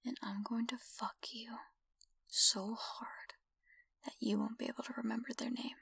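A woman in a whispered role-play, speaking in a slow, commanding whisper and turning soft and confiding. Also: fairly high pitch, level tone, creaky, husky, no room sound, far from the mic. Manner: soft, tender, hesitant confiding. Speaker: audio role-play performer.

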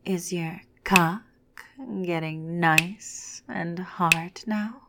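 Breathy whispering temptress, as a woman puts her on. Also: fairly low pitch, slow pace, heavy background noise. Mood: sultry whisper. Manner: teasing, commanding whisper. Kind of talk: whispered role-play.

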